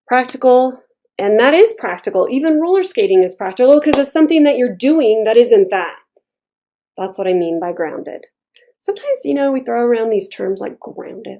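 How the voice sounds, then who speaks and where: A woman's voice: fairly high pitch, expressive, moderate pace, long pauses, dark tone. Blunt, chatty woman reading tarot. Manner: blunt, chatty, swears freely. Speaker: tarot reader.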